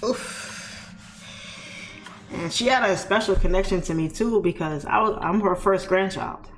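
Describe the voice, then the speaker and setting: A woman talks openly in a casual, heartfelt chat, rambling with frequent "you know" fillers. Her mid-pitched voice carries a steady gravelly fry. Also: a little fast, slight background noise. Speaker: trading streamer.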